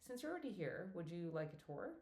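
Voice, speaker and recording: A woman's voice: on the low side, very animated, fast talker, darkish tone. A woman narrator voicing a friendly, teasing older woman who works at a theater box office, with a faint Welsh accent. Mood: encouraging. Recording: echoey room.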